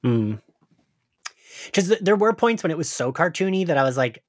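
A man's voice: a little high, big pitch swings, moderate pace, no room sound, clean studio sound. A man co-hosting a podcast, chatting casually, laughing often and searching for words. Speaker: podcast co-host. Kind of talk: casual chat.

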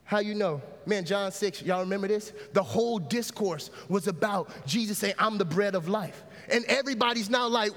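A man with a high voice preaches a sermon in a relaxed, conversational way. He rises into shouts and calls out to the congregation for a witness. The sound has a long reverb from a large church hall. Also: normal speed, few pauses. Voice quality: casual, conversational phrasing. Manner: lively preaching with call-and-response and shouts. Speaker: pastor.

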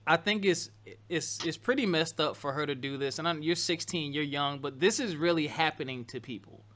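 On a casual talk show, a male podcast host works through news topics in a loose, conversational way, often stopping to correct himself, drifting off track, and laughing at himself. His voice is on the high side and a bit bright, at a moderate pace.

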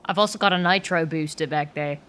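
A woman's voice: sits low, a little fast, a bit bright. A woman player in a tabletop game, teasing the others and laughing. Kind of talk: casual chat in a tabletop game.

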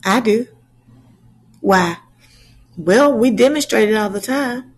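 A woman preaching a slow sermon to her channel's viewers, asking rhetorical questions and answering them. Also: a little high, lively intonation, slightly rough, poor audio.

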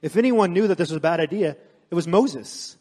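A man preaching a sermon, mixing scripture with animated personal stories. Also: on the high side, fairly quick. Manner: storytelling, animated asides. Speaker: pastor. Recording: long hall reverb.

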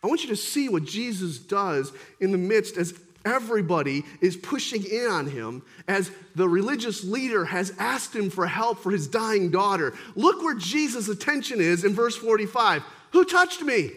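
A man preaching a sermon as pastor, swinging between forceful emphasis and quiet intensity. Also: high-pitched, animated, normal speed, hardly any pauses.

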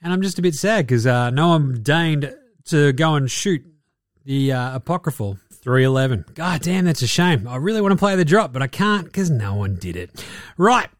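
A man's voice: fairly high pitch, lively intonation, moderate pace, no echo, clean studio sound. An Australian man hosting a podcast, giving a sarcastic, profane basketball recap. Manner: sarcastic, swears freely. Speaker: podcast host.

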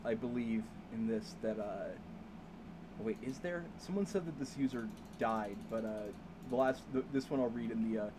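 A man hosting a casual comedy podcast, reading forum posts with halting restarts. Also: medium pitch, noisy background. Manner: halting, many fillers and restarts, laughs often. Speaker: podcast host.

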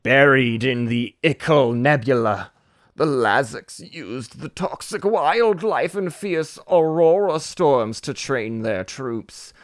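A gloomy old warlock on his last breath, drawing out each dark word slowly and low, as a man puts him on. The voice sinks toward the end of each phrase, and the lines sit in a dry, close-miked space. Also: animated, dry recording. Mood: ominous. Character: old dying male warlock, dark and brooding.

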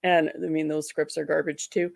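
Frank, gravelly-voiced woman. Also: low-pitched, flat delivery, normal speed, no echo. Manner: frank, emphatic, wry. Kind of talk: casual podcast conversation.

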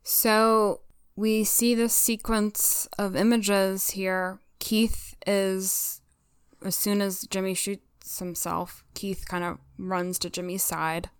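A woman's voice: mid-range voice, smooth, dry recording, clean studio sound. A woman co-hosting a casual podcast, earnestly and emotionally retelling scenes of a TV episode. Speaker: podcast co-host. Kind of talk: casual recap chat.

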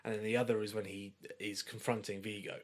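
A man with a lowish voice talks films with a friend. His delivery is enthusiastic and chatty, and he swears now and then. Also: little pitch movement, a little fast. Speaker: podcast co-host. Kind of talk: casual film discussion.

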